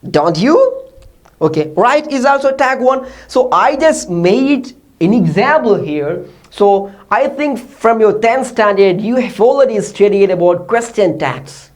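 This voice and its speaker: A man teaches a recorded online class. His voice swoops widely as he acts out sample questions, and he checks in often with "okay" and "like". He speaks at a patient teacher's pace. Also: high-pitched. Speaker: English tutor.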